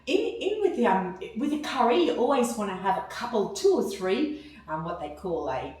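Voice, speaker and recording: A cheerful Australian woman talks through a meal step by step, her pitch rising and falling a lot. She is recorded from a distance in a very echoey room. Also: very animated, normal speed, a little mellow. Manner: chatty, cheerful, explains step by step. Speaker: cooking video host. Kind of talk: casual food demonstration. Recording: very echoey room, mic far off.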